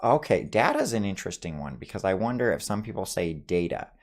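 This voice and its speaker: A man's voice: deep voice, expressive, fast talker, darkish tone. A man in a casual accent tag video, playfully thinking aloud about how he says each word, recorded in a small home studio. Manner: playful, musing aloud over his own pronunciations. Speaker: vlogger.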